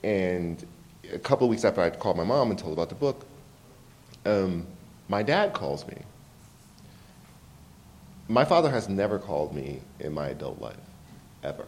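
Animated, halting male author. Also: low-pitched. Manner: animated, laughs often, halting restarts. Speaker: author being interviewed. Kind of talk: candid conversational storytelling.

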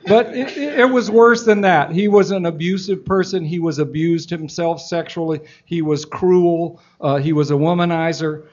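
Halting, earnest man, lo-fi recording. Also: a little high, darkish tone, slight background noise. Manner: halting, many restarts, earnest. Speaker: author answering audience questions. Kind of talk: Q&A talk, reflective storytelling. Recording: dull lo-fi event recording.

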